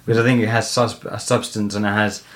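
A man's voice: lowish voice, fast. A man hosting a podcast, chatting casually and backing up his guest. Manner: brief encouraging interjections, relaxed. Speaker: podcast host.

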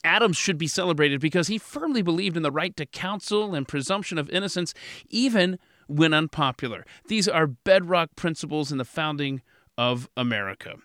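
A man's voice: a little high, expressive, moderate pace, sharp tone, no echo, clean studio sound. A man hosting a podcast interview and reading an ad, joking about his own slips. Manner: self-deprecating, laughs at own slips. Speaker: podcast host.

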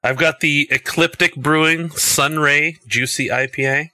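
A man's voice: on the high side, fairly even intonation, unhurried, pushed and bright, no room sound. A man co-hosting a casual podcast, teasing the others with sarcastic quips. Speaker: podcast co-host. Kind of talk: casual chat.

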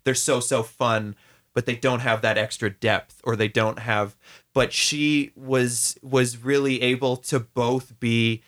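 Young adult man, bright clear tone, relaxed guest chatter that wanders and reflects. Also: mid-range voice, slow. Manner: rambling, reflective, many filler words. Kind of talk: casual heartfelt conversation.

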